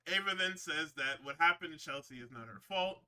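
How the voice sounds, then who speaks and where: Bright-voiced man recapping wrestling. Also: on the high side, a little fast, smooth. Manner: rambling and profane, with frequent laughs. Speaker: podcast host.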